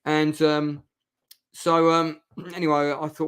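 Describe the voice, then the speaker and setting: A man's voice: fairly high pitch, little pitch movement, slow pace, a bit bright, clean tone. A man, casually telling a heartfelt, rambling story as he reviews a night out. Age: 50s. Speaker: vlogger reviewing a club night.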